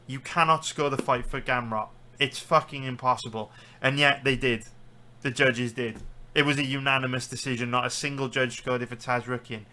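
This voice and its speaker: A man's voice: medium pitch, pushed and bright. Angry British man ranting profanely. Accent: British English. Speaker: sports betting streamer. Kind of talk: live stream commentary.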